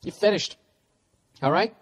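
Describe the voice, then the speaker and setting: A man's voice: unhurried, lightly acted. A man putting on a crude, sneering 1940s movie leading man who is telling off a woman, on a comedy podcast. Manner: crude, sneering, lower and quieter. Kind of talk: comedic put-on rant on a podcast.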